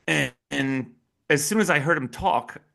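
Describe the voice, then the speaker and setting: A man with a bright, forceful voice pitched a bit high tells stories on a casual sports podcast. He is animated and laughs often as he talks. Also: a little slow, vocal fry. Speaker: guest football analyst.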